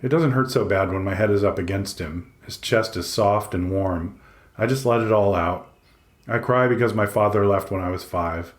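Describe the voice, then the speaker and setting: A man's voice: fairly low pitch, normal speed. A man reading a first-person audiobook in a dry, introspective way. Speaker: audiobook narrator. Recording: echoey room.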